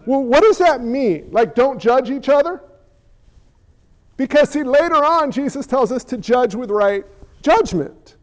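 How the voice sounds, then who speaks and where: High-voiced pastor questioning his congregation. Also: animated, measured pace, low-quality recording. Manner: questioning the congregation, conversational and playful. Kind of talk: sermon.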